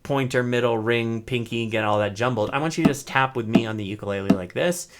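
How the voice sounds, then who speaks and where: A man in the role of a ukulele teacher, speaking at a middle pitch. He breaks each step into small pieces and keeps checking in with his students. His tone stays encouraging throughout. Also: a little fast. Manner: encouraging, explains step by step, often asks "right?". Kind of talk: teaching an online class.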